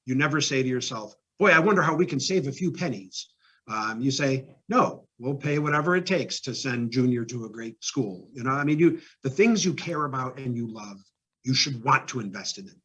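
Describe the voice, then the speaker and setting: A mayor answering interview questions in casual, conversational talk, with many fillers and restarts and sudden emphatic rises. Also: male voice, mid-range voice, fairly bright tone, slightly rough. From Ohio. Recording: dull lo-fi podcast audio.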